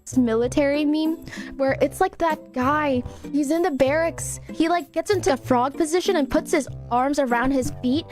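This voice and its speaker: A woman streamer chatting casually while reacting to clips, blunt and quick to swear. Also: high voice, darkish tone, faint music behind.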